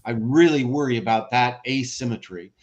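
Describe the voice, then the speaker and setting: An American man speaking as a podcast guest, explaining at length in an animated way, listing examples and often restarting his sentences. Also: medium pitch, normal speed, lo-fi sound. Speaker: guest, former ambassador and author. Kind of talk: conversational podcast interview.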